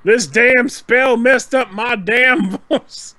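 A man putting on a high, exaggerated redneck voice for a jilted, ranting cartoon pony. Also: slow pace, sharp tone, dry recording, heavily acted.

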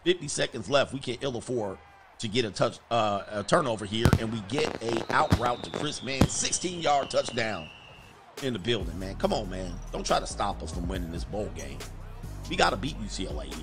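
Excitable man calling his football game. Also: fairly low pitch, moderate pace, music in the background. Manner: animated, jumps to loud exclamations and laughs at big plays; casual slang, talks to his players. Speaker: gamer doing play-by-play of his own football video game.

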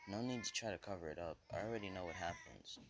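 A man reading the lines of a cold, menacing teenage boy hero in a calm, threatening tone. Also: sits low, fast, noisy background.

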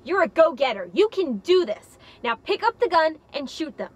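A woman's voice: high voice, sing-song, normal speed, dull audio. A woman playing a smug, sing-song crime boss. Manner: sly, sing-song, mocking. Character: cold female crime boss, sly and smug.

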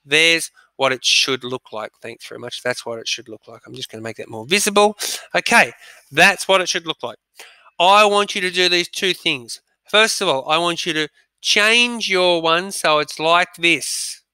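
Male schoolteacher running a dictation, bright, crisp, dry close sound. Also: on the high side, expressive, normal speed, dry recording. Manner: chatty, upbeat teacher instructions with frequent ums. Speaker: primary school teacher. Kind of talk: remote dictation lesson. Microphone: recorded audio, speaker not seen.

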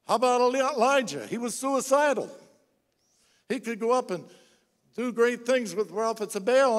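A man with a high voice preaches in a church, his words ringing with a long reverb through the hall. He tells Bible stories and acts out the speakers' lines. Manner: animated storytelling, acts out quoted voices. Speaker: pastor. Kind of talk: sermon. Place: church sanctuary.

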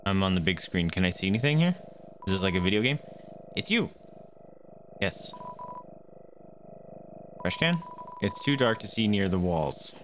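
A man with a deep, sing-song voice streams a video game at a moderate pace, leaving long pauses. His let's-play commentary is casual, with spoken reactions to events on screen, while faint game music plays.

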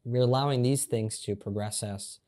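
A man's voice: mid-range voice, moderate pace, warm tone. A man hosting a podcast, reflecting on his guest's points in easy conversation. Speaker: podcast host. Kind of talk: conversational interview.

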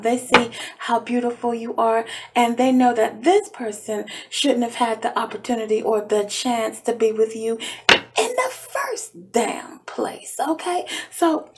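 A woman giving a casual tarot reading who calls the listener baby and love, at times dropping into a soft, whispery voice. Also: on the high side, very noisy. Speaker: tarot reader. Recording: music playing underneath.

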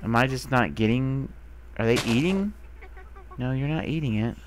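A young man doing casual game commentary, talking to the animals he finds and getting excited by them. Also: medium pitch, moderate pace, background noise. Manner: talks to animals, excitable, squeals when delighted. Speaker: gamer. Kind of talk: casual let's play commentary.

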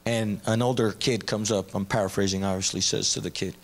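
A man's voice: fairly low pitch, steady tone, a little fast. A man, a guest on a talk show, speaking enthusiastically and retelling a parable. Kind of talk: casual talk show discussion.

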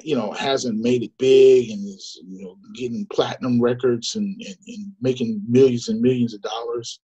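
Earnest man telling his story, husky. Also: medium pitch, fairly even intonation, moderate pace, warm tone. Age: middle-aged. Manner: earnest, conversational, many fillers and restarts. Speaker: guest storyteller. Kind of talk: personal testimony. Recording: muffled lo-fi recording.

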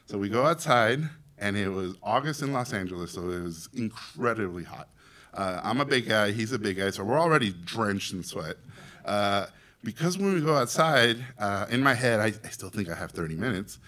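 A Mexican man, an animation director from Mexico, telling a story to an audience in an animated, theatrical way, with loud acted quotes. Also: lowish voice, normal speed. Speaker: animation director and festival guest speaker.

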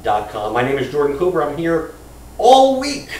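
A man's voice: mid-range voice, fast, darkish tone. A man hosting a comedy web show, chatting with a guest in a joking, self-deprecating way. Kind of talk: casual interview chat. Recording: distant roomy mic with faint noise.

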